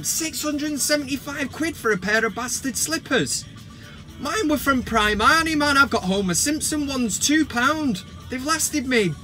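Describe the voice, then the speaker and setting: A high-pitched man rants about football with sweary, mocking glee. His voice is bright and forceful. Faint music plays under his talk. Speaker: vlog host. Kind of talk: casual comedic football rant.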